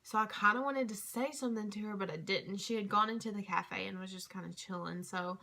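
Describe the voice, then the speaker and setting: Bright, gushing young woman vlogger. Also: mid-range voice, a little fast, gravelly. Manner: gushing and chatty, full of fillers. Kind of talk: casual storytime chat.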